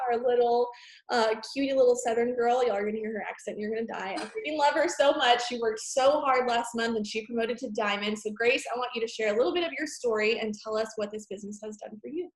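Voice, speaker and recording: A woman's voice: on the high side, quick pace. A woman leading a casual group call as host, gushing and upbeat as she cheers her team on. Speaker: team leader hosting the call. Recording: echoey room.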